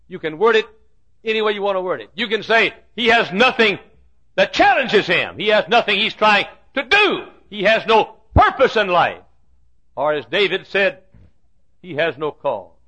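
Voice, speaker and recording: Dramatic, lively-voiced male preacher. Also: high-pitched, unhurried, long pauses. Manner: dramatic storytelling, swinging from loud declarations to hushed asides; acts out the Bible characters' lines. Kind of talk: sermon.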